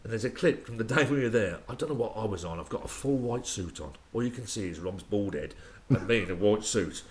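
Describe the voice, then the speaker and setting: Lively low-voiced English storyteller. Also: male voice, fairly quick. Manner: rambling, animated storyteller with restarts and slang. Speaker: musician guest. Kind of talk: casual anecdote telling.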